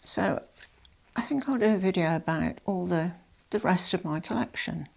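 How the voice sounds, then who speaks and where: A woman's voice: on the low side, normal speed, creaky, darkish tone. An older retired woman chatting casually to camera as a fashion vlogger, rambling and correcting herself as she goes. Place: at home.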